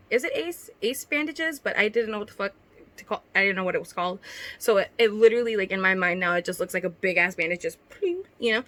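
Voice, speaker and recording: A woman's voice: medium pitch, lively intonation, fast talker, fairly bright tone. A young woman reading her old writing aloud and commenting on it, giggling, swearing and mocking herself. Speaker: YouTuber.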